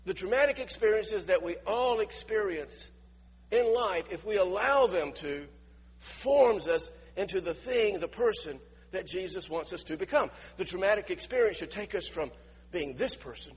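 A man's voice: high voice, lively intonation, moderate pace, slightly rough, long reverb tail, highs cut off. A male preacher giving a conversational sermon, asking his listeners questions as he retells a scripture passage. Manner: conversational, asks the audience questions.

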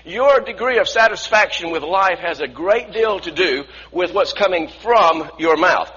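A man's voice: high voice, expressive, unhurried, sharp tone, husky, highs cut off. A man preaching a sermon earnestly, often restarting phrases and asking the congregation to repeat lines after him.

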